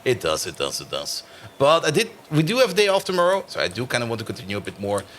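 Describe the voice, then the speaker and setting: A man's voice: mid-range voice, wildly swooping pitch, fast talker, fairly bright tone, slight background noise. A man streaming a game live, chatting casually with his viewers and laughing often.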